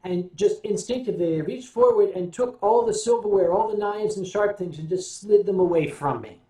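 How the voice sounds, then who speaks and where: A man's voice: high-pitched, moderate pace, warm tone. An older American man hosting a casual livestream. He tells rambling, wry stories, hums to himself between thoughts, and answers viewers' questions. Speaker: livestream host. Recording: roomy echo.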